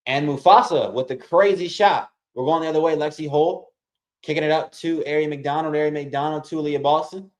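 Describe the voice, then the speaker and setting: A man hosting a casual watch-along, calling basketball play-by-play and talking straight to his viewers. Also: medium pitch. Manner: excitable, keeps addressing viewers as y'all.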